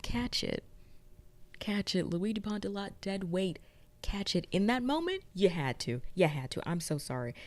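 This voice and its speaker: A woman's voice: mid-range voice, big pitch swings, normal speed. A woman giving a casual, chatty recap of a TV episode, retelling scenes dramatically with playful exclamations. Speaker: TV recap reviewer.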